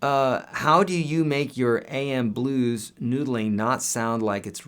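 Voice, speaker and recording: A man's voice: mid-range voice, takes it slowly, fairly bright tone, smooth. A man in his thirties, a guitar teacher answering viewer questions in a casual, upbeat live-stream lesson. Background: guitar playing.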